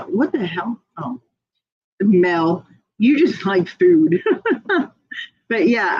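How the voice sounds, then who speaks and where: Her voice sits on the low side as this American livestream host chats casually, laughs a lot and reads out comments from viewers. The audio is dull and free of echo.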